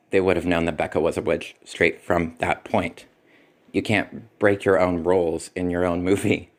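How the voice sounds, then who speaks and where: A man giving a spoken movie review in a critical, sarcastic way. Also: deep voice. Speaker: film reviewer.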